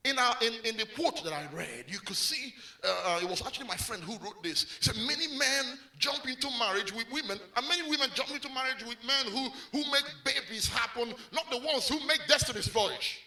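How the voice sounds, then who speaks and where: A male pastor preaching a sermon, animated and full of call-and-response prompts to the congregation. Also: extremely high pitch, brisk, few pauses.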